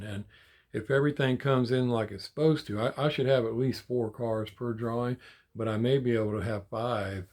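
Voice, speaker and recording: The host of a die-cast toy collecting channel has a medium-pitched, slightly mellow voice. Talking informally to his audience, he grows frustrated and launches into a rant, cursing often and repeating himself as he gets worked up.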